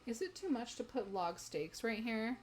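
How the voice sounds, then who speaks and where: A woman's voice: on the high side, sing-song, normal speed, slight background noise. A young woman streaming a game, chatting casually with viewers, giggly and gushing. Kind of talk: casual gameplay stream chat.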